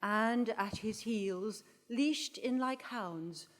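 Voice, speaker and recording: A woman with a received pronunciation accent, reciting Shakespeare as a volunteer from the audience in a measured way. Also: on the high side.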